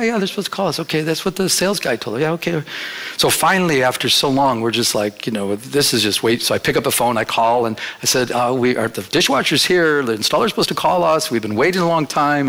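A middle-aged man preaching a sermon, telling a personal story and acting out the dialogue with lively energy. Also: a little high. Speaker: pastor.

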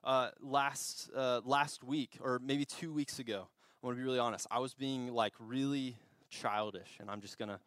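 In a church, a young pastor delivers a sermon in a relaxed, storytelling style, laughing at himself and restarting phrases. His middle-pitched voice moves at normal speed, recorded dry and close with no echo.

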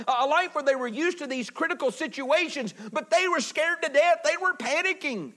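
A man with a strikingly high voice preaches a sermon in a church. He swings between loud, emphatic lines and near-whispers, then drops into folksy, chatty asides with the congregation. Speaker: pastor. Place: church building.

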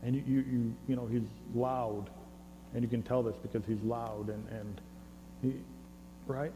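An unhurried American man preaches in a medium-pitched voice with fairly even intonation. His sermon feels conversational and joking, marked by stammering over repeated words, and the recording carries long hall reverb plus a faint mains hum.

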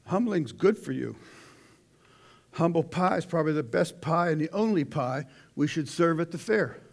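A man preaching a conversational sermon, swinging between loud outbursts and hushed asides. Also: on the high side, lively intonation, moderate pace, creaky. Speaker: pastor.

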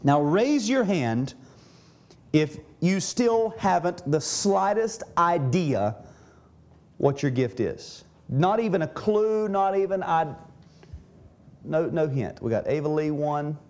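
A man's voice: fairly high pitch, expressive, takes it slowly, darkish tone. A man preaching a sermon in a church, earnest, often restarting and repeating words as he teaches. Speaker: pastor.

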